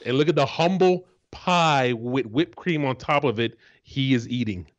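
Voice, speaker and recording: A man's voice: medium pitch, normal speed, dull audio. A man who once played pro football, co-hosting a casual sports talk show in an emphatic, profane way. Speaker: co-host, former football player.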